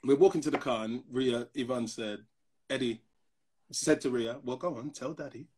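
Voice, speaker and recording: A man's voice: medium pitch, moderate pace, a little hiss or hum. A man in his fifties, a pastor, telling personal stories in a casual discussion and acting out the other people in them. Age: 50s. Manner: animated storyteller who acts out other people's voices.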